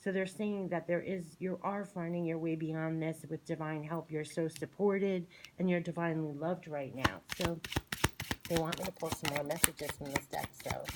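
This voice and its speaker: Cards shuffle behind a woman with a deep voice as she delivers a spiritual oracle card reading at a moderate pace. Her intonation stays fairly even, and her soothing, effusive delivery circles back to the same phrases again and again. Background noise is present; she works as a tarot and oracle card reader.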